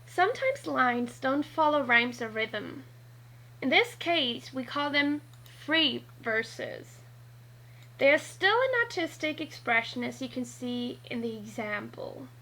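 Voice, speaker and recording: A woman with a high voice narrates a scripted lesson at an unhurried, careful pace. Her tone is bright, and she spells out letters one at a time. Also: animated, slight background noise, low-quality recording. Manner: slow and deliberate, spelling out letters. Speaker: teacher.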